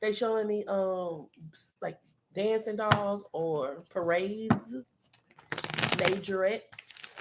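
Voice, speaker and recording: On a live stream, a woman does a tarot reading and coaches the viewer in an emphatic, streetwise, profane style, repeating phrases to drive points home. Her voice is mid-range and slow, with long pauses, and the recording is very noisy.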